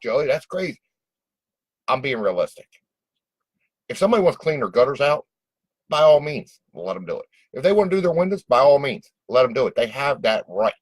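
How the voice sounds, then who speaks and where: A man's voice: medium pitch, no room sound, low-quality recording. A man giving casual, direct business advice and acting out customer phone calls in a folksy way. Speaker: small business coach.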